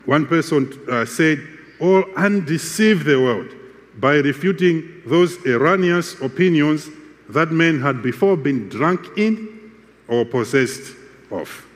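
A man preaching a sermon with a measured, emphatic delivery and repeated phrases. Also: fairly high pitch, long reverb tail.

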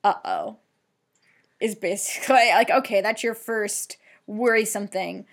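A woman with a mid-range voice speaks a little slowly while co-hosting a podcast. She recaps a TV episode in chatty, casual talk loaded with fillers and a bit of swearing.

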